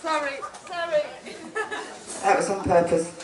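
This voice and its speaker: A woman's voice: high-pitched, big pitch swings, a little slow, over a noisy crowd, very noisy. Laughing woman giving a wedding speech. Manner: chatty, laughing, self-interrupting. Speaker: wedding speaker, twin sister of a bride. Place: wedding gathering indoors. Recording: echoey room, speaker far from the mic.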